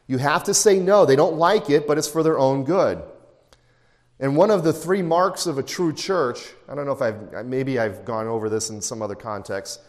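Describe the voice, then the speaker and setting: A man's voice: medium pitch, normal speed. A middle-aged man preaching an expository sermon in a conversational, anecdotal way, with asides and chuckles. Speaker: pastor. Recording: long reverb in a large hall.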